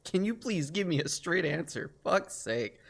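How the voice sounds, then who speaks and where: A man's voice: on the high side, normal speed, gravelly, slightly rough. A man live-streaming a game, chatting casually, swearing freely and laughing often. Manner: profane, excitable, laughs often.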